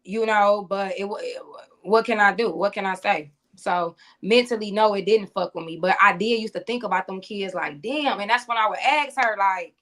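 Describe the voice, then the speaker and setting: A woman's voice: mid-range voice, fairly quick, a bit bright. A woman being interviewed, telling a blunt, profane story about her former cellmate and acting out the exchanges between them.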